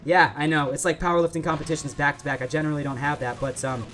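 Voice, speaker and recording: Teen boy yapping over his gameplay, rambly and excitable, keeps saying okay. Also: fairly high pitch, fast talker. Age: teens. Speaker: gaming YouTuber. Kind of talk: casual gameplay commentary.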